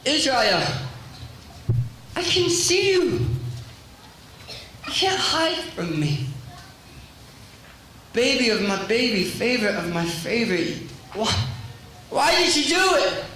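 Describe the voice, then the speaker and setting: A man's voice: extremely high pitch, very animated, slow pace, pauses often, a little hiss or hum, pitched above the performer's own voice, full character voice. A man voicing a grieving God who pleads tenderly with his people, heard in a very echoey hall. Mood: heartbroken pleading. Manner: pleading, sorrowful, not yelling.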